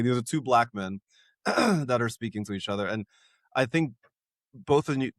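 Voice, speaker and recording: A man hosting an interview, asking measured, thoughtful questions and giving soft affirmations. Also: fairly low pitch, no room sound, clean studio sound. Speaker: podcast host.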